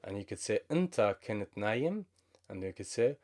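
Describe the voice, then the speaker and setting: A man with a Levantine Arabic accent teaching a language lesson. He explains slowly and switches between English and Arabic examples. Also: fairly low pitch, very animated, a little mellow.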